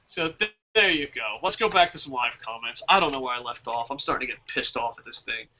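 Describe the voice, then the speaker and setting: A man hosting a casual wrestling review podcast, talking excitably with lots of swearing and reading out live chat comments. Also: mid-range voice, fairly quick. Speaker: podcast host. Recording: dull lo-fi podcast audio.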